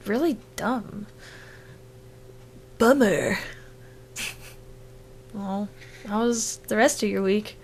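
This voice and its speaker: A woman co-hosting a casual gaming podcast remotely, giggly and playful. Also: mid-range voice. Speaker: podcast co-host. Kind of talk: casual chat. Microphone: remote call, own mic.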